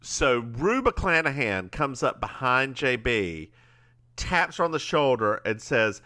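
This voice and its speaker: Bright, lively man recapping a show. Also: medium pitch. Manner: chatty, animated retelling with quick asides. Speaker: podcast co-host. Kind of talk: casual recap chat.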